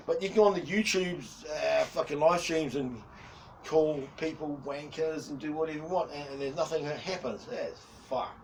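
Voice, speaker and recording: A man in his forties who rambles and swears heavily in a casual rant as a YouTuber, often breaking into laughs. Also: mid-range voice. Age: 40s. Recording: distant mic with faint background noise.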